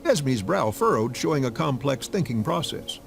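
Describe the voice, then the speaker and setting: A man reading a story game aloud as a let's play narrator, with an expressive delivery. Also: medium pitch, normal speed, creaky, soft background music.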